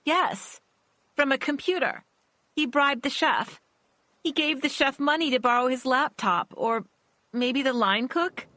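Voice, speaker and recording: A woman's voice: unhurried, no echo. A woman voicing an upset teenage girl with a Valley Girl lilt, talking hesitantly through tears. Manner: tearful, hesitant, high and bright.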